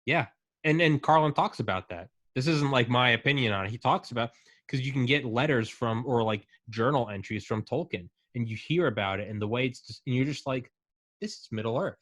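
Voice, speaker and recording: A man in casual chat, talking excitedly and rambling with lots of fillers. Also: medium pitch, brisk, no echo.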